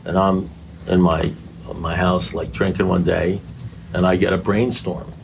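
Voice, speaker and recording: A man's voice: low-pitched, level tone, unhurried, creaky, noisy background. An older man speaking at a recovery meeting, telling his story to a group in a conversational, self-mocking way, recorded in a muffled, lo-fi room.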